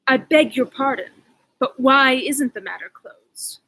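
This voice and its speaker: Woman reading an angry young gentleman, explosive bluster, husky voice. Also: high voice, a little slow, exaggerated voice, rough recording. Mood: indignant.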